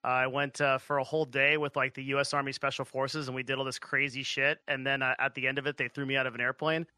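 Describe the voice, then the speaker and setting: A man co-hosts a casual podcast chat with a very bright, forward voice. The sound is dry and close. He talks in a friendly, upbeat way. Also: medium pitch, flat delivery, fast talker, no room sound. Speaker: podcast co-host.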